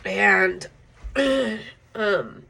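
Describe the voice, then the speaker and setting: A woman's voice: medium pitch, lively intonation, extremely slow, vocal fry, sharp tone, slightly rough, rough recording. A woman telling a personal story in a casual, rambling way, full of fillers and blunt swearing.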